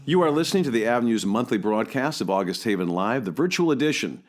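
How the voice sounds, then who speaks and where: Male radio host, measured announcer read, lively pitch movement. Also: soft background music. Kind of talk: scripted radio announcing and interviewing.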